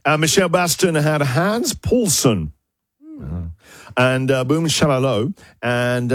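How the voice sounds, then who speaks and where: A man hosting a radio show, joking and laughing with quick asides in a studio. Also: mid-range voice, sing-song, faint music behind. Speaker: radio host. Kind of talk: lively radio banter.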